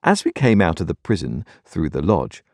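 Very low-voiced male narrator, expressive, measured, dry close recording. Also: no room sound. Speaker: audiobook narrator. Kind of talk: scripted narration.

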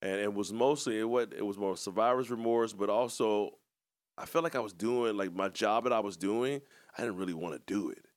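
A man's voice: lowish voice, brisk. A man co-hosting a podcast, telling his story in a casual, rambling, reflective way. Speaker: podcast co-host and coach.

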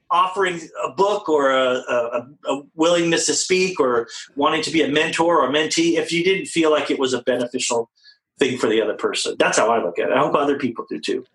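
Animated man with a lively, high voice. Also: brisk, roomy sound, low-quality recording. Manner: animated, jokey, rhetorical questions. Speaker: podcast guest. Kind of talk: casual interview chat.

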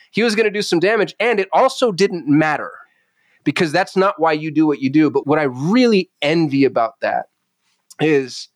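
A man as a podcast guest, talking candidly and intensely, cursing freely and growing animated as he tells his stories. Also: on the high side, dry recording. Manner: intense, swearing, confessional, animated when retelling. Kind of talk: candid conversational storytelling. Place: Phoenix.

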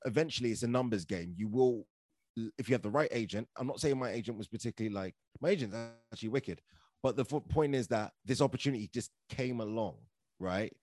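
An actor and comedian from London, appearing as a podcast guest, chats animatedly while telling stories, leaning heavily on "like" and "right?". His voice is medium-pitched, with no echo.

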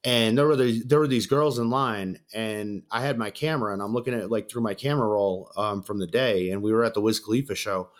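A man's voice: on the low side, a little fast, few pauses. A young man in casual chat, telling a story with lots of slang and acting out each side of it. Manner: animated, acts out both sides of the story with slang.

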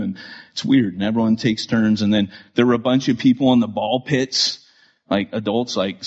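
Brief: male podcast host, husky, animated storyteller, dull lo-fi recording. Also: medium pitch. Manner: animated, many fillers and restarts.

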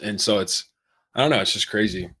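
Low-ish voiced dude, blunt and worked up, casual swearing. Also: male voice, a little fast, slightly rough. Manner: candid, excitable, swears casually. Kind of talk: casual chat.

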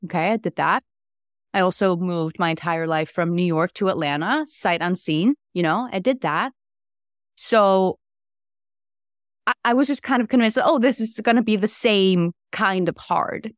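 Young female co-host, casual and animated, middle pitch, dry studio sound. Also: moderate pace, no echo. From Iceland. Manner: animated, many filler "like"s. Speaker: podcast co-host. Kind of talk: casual chat.

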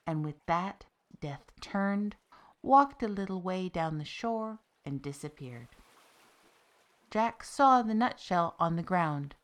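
A woman narrates a folk tale in a steady, expressive way. She reads it as a scripted podcast story. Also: lowish voice, slow.

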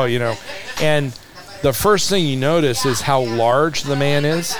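A man in a relaxed podcast conversation, telling a story with animated energy. He slips into the voices of the people in his story and laughs along the way. His voice sits at a mid pitch for a man. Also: unhurried. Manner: animated, acts out dialogue, laughs often. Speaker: museum managing director, podcast guest. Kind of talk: casual anecdotal storytelling.

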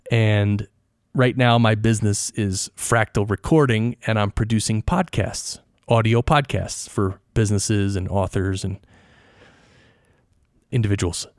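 A man's voice: on the low side, measured pace, no echo. A middle-aged man hosting a podcast, explaining things casually and asking the listener questions, close to his microphone in a treated home studio. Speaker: podcast host and audio engineer. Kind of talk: casual solo podcast talk.

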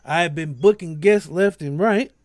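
A podcast host man chatting casually, his voice a touch higher than most men's. He talks loose and slangy and laughs easily. His throat sounds a bit sore. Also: unhurried, crowd noise. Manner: laid-back, laughs often, slangy. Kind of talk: casual chat.

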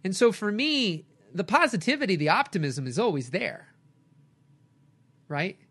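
A middle-aged man, a coach and podcast host, giving an energetic motivational talk with lively storytelling. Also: sits high, a little slow, slightly rough. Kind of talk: motivational talk, live stream.

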